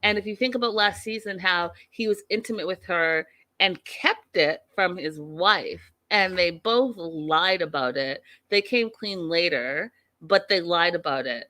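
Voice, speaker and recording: A woman's voice: lowish voice, unhurried, bright, forceful tone, no room sound. A woman hosting a reality TV recap show, giving her opinions in blunt, outspoken, emphatic casual talk.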